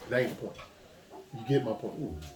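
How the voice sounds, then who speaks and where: A man's voice: on the low side, expressive, moderate pace, very noisy. A man, a pastor, preaching informally and urging the listener directly in a conversational way. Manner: conversational, exhortative, speaks straight to a listener. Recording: echoey room with a crowd behind.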